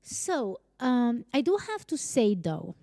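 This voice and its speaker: A young woman from Romania, hosting a podcast and telling a personal story in a chatty, animated way, full of "like" fillers and casual swearing. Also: fairly high pitch, takes it slowly, no room sound, clean studio sound. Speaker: podcast host.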